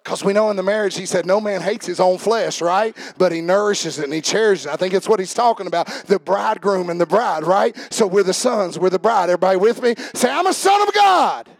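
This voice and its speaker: A man preaching a sermon as pastor, swinging from quiet joking asides to shouted preaching and calling out to the congregation. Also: high-pitched, fast, gravelly, hardly any pauses, dry recording. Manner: talks back and forth with the congregation. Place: church service.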